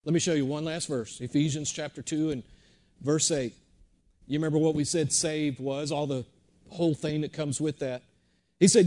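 High-voiced conversational male preacher. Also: moderate pace. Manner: conversational, repeats words, swings between loud and hushed. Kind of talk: sermon.

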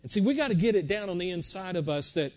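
A middle-aged man preaching a sermon in a conversational way, repeating words and swinging between loud and hushed. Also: high voice, lively intonation, quick pace.

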